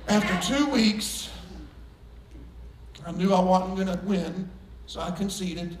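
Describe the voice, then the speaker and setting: Picture a middle-aged male pastor with a very high voice, telling a story from the pulpit with plenty of laughter and sudden shouted outbursts. He is picked up from a distance in an echoey church, with a faint hum of the room behind him. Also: a little slow, long pauses. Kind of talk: sermon storytelling.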